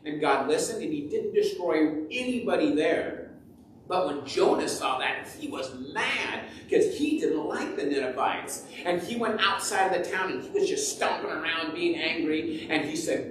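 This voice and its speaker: A man as pastor, telling a Bible story to children in an animated way and acting out its voices. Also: fairly high pitch, normal speed, noisy background. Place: church sanctuary. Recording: echoey church from far off.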